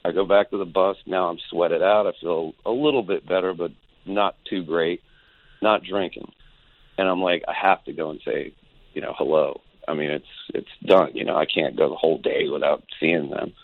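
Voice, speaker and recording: A man's voice: low-pitched, steady tone, moderate pace, vocal fry, dry recording. A man telling a long rambling anecdote as a guest, acting out the quotes as he goes. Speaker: guest musician. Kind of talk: phone-in storytelling. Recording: tinny phone line.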